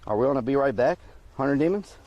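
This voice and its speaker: A man's voice: medium pitch, animated, quick pace, mellow, highs cut off. A man streaming live outdoors near water, chatting casually with his viewers.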